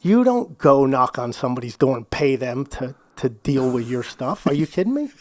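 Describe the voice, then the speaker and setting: A middle-aged man tells his life story in a candid interview. He talks in an animated way, restarting phrases and acting out quoted lines, at a middle pitch. The sound is dry and close to the mic. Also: normal speed, no echo. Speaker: podcast guest.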